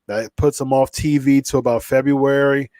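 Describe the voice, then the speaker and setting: A man's voice: mid-range voice, fairly even intonation, normal speed, a little mellow, no room sound. A man hosting a live podcast stream, chatting casually in a rambling way full of fillers and restarts, a little stuffy from a cold. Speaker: podcast host.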